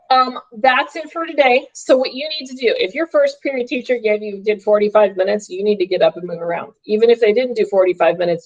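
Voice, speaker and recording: A woman math teacher giving a live online class from home, upbeat and checking in with her students often. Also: medium pitch. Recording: dull lo-fi stream audio.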